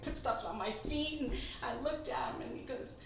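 Woman doing bible teaching, kinda high voice, super echoey room, mic far off. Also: normal speed, gravelly, slight background noise. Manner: lively storytelling, laughing through anecdotes. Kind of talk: Bible teaching talk with personal stories.

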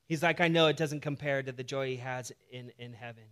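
A male pastor preaching a sermon in a casual, animated way, mixing humor with scripture. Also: mid-range voice, a little fast, clean tone.

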